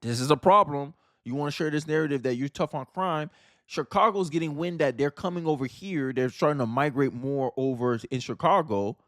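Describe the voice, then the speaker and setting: A man's voice: on the high side, brisk, no room sound, studio quality. A man from Florida hosting casual political commentary, talking emphatically with slang and frequent restarts.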